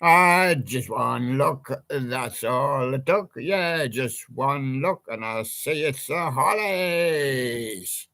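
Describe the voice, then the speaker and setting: A man voicing cheeky stuffed toy animal guests in higher, sing-song put-on voices. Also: lively intonation, very slow, vocal fry, pushed and bright, dry recording, clean studio sound, full character voice. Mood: crooning.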